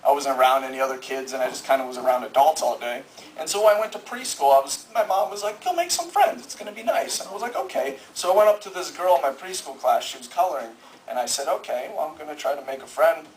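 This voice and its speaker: A man's voice: fairly high pitch, fast. A young man in his late teens doing rambling stand-up comedy at an open mic, nervous and laughing at his own jokes. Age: young adult. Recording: echoey room, mic heard from far.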